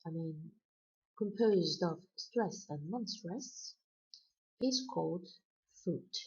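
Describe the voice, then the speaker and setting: A woman lecturer explaining poetic meter in a slow, deliberate way, chanting out stress patterns. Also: lowish voice, darkish tone, breathy edge. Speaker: university lecturer. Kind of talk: recorded poetry lecture. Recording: dull lo-fi recording.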